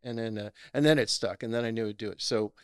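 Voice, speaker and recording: A middle-aged man, a guest actor, telling stories in a lively, casual chat and laughing often. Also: on the low side, quick pace, clean tone, no room sound, clean studio sound. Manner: animated, storytelling, laughs often.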